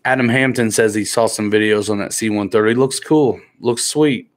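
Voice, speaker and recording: A man's voice: on the low side, moderate pace. A man hosting a live stream in a laid-back, joking way, reading viewer comments aloud and teasing the people in the chat.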